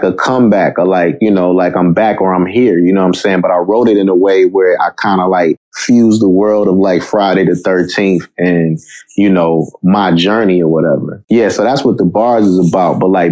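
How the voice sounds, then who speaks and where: American man, rather deep voice, relaxed, hesitant, casual interview guest. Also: poor audio. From United States. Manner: laid-back, halting, often says "you know what I'm saying". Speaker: guest rapper.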